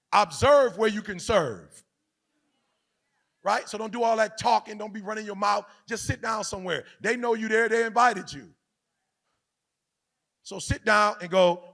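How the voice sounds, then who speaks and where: Man, motivational speaker, high voice, gravelly, preachy, slangy, hushed to loud. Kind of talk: motivational speech.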